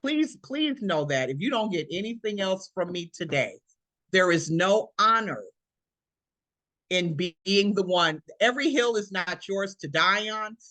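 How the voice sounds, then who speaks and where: A woman's voice: medium pitch, expressive, measured pace, a bit bright, no room sound. A woman around sixty giving a motivational talk over a video call as presenter, emphatic and preacherly, repeating her points.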